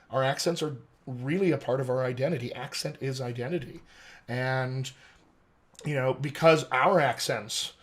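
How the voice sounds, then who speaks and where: An American man, an accent coach, explaining his teaching method methodically in an interview. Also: mid-range voice. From United States. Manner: articulate, methodical, lecturing.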